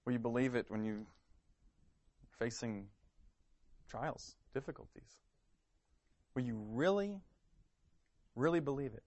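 A man's voice: medium pitch, lively intonation, measured pace, pauses often, a little mellow, no echo. Male preacher, earnest sermon delivery, probing questions, dry sound. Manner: earnest, searching questions, some stammered repeats.

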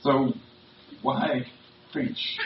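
A man's voice: medium pitch, level tone, drawn-out words, heavy background noise. Male pastor preaching in a roomy hall. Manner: conversational and emphatic. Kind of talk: sermon. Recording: roomy, distant, dull sound.

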